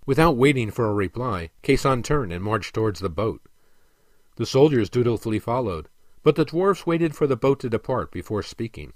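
A man narrating a storybook in an expressive, dramatic reading. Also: medium pitch, normal speed, no room sound.

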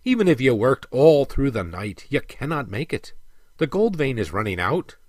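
A man doing an aging dwarf king near the end of his life, speaking in firm, commanding declarations. The pitch moves expressively. The sound is close and dry, with no room around it. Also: very animated, normal speed, no echo. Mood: stern commanding. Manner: firm, declarative, louder than the narration. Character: old dying dwarf king, stern and commanding. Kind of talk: audiobook character reading.

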